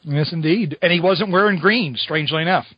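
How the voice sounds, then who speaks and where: A man's voice: a little high, fairly quick, breathy edge, dry recording, muffled recording. A man co-hosting a podcast, casually recapping a comic book with rambling, amused storytelling. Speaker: podcast co-host.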